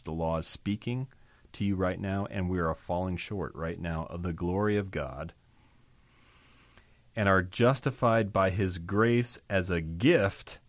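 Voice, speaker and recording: A man's voice: lowish voice, no echo. A man hosting a podcast, teaching through a Bible passage by reading verses aloud and explaining them phrase by phrase, repeating key terms for emphasis. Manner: reads scripture aloud, then unpacks it word by word.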